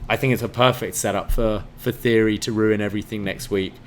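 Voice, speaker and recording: A man's voice: fairly low pitch, steady tone, fairly quick, a little hiss or hum. A man reviewing a wrestling show in casual podcast chat, giving enthusiastic analysis with frequent fillers.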